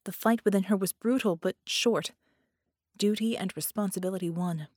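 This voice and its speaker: A woman's voice: medium pitch, darkish tone, husky, no echo. Woman reading an audiobook, dry close sound. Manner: dramatic, measured storytelling. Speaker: audiobook narrator. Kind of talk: scripted audiobook narration.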